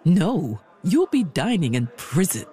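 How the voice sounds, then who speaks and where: A woman playing a brisk, eccentric aunt who sneaks up on the kids, with a husky, matter-of-fact, wry delivery in an audio drama. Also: on the low side, sing-song, mellow, soft background music.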